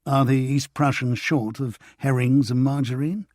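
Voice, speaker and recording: A man's voice: medium pitch, fairly even intonation, normal speed, a little mellow, no room sound, close to an everyday voice. A male narrator voicing a wry British journalist who asks dry, probing questions.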